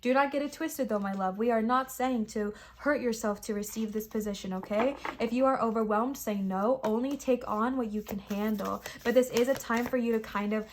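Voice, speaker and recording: A woman's voice: fairly high pitch, brisk, few pauses, a little hiss or hum. Emphatic, reassuring young woman reading tarot. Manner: emphatic, reassuring, slangy, talks straight to viewers as besties. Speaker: tarot reader. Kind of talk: casual tarot card reading to camera.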